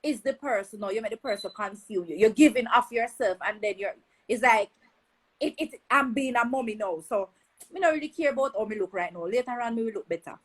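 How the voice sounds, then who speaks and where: A Jamaican woman with a fairly high voice hosts a casual chat. She is enthusiastic and exclaims and affirms often, speaking openly and warmly engaged with her guest. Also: animated, fairly quick, breathy edge, rough recording. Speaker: host.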